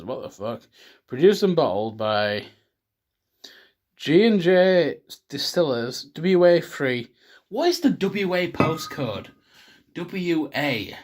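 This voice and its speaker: A young man rambling and swearing casually while hosting a home cocktail video. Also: medium pitch. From England. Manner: swears a lot, rambling and self-mocking.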